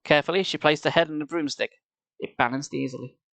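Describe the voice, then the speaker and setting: A man's voice: a little high, fairly even intonation, fast talker, vocal fry, a bit bright, no room sound. A man reading a children's horror book aloud on a livestream, breaking off for casual chatty asides. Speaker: livestream reader. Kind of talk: live storybook reading with asides.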